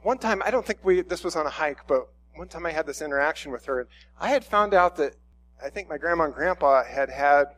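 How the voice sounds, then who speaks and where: A man's voice: a little high, expressive, fairly quick, a bit bright. A middle-aged man preaching a sermon in a conversational, storytelling way, often restarting his sentences. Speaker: pastor.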